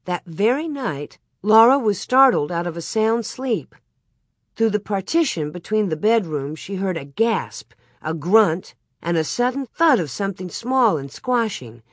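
Woman narrating a storybook, lively pitch. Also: a little slow, no echo, studio quality. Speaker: audiobook narrator.

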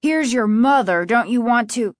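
A woman's voice: on the high side, lively intonation, normal speed, no echo, studio quality, voice pushed up, natural voice. Woman doing an angry, bellowing father. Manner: loud, accusing, bellowing. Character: angry middle-aged father, bellowing scientist.

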